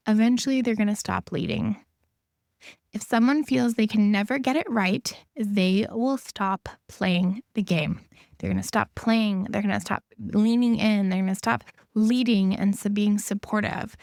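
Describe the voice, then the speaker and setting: A woman's voice: medium pitch, moderate pace, creaky, a little mellow, no room sound, clean studio sound. A woman hosting a solo podcast as an intimacy coach, talking earnestly and repeating her key points for emphasis.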